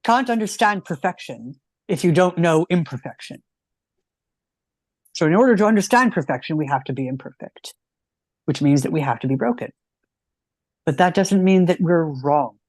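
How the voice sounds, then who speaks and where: A rabbi in his thirties explains his points earnestly in relaxed conversation, often restarting his sentences. His voice is recorded dry and close, with no room echo. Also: a little high, moderate pace, pauses often. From United States. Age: 30s. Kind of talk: teaching in a casual chat.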